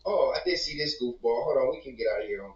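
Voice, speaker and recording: A man's voice: medium pitch, fast talker. Man trash-talking on a roomy livestream. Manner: laid-back, swears a lot, trash-talks. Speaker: livestream host reacting to clips. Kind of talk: casual livestream chat. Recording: roomy, distant, dull stream audio.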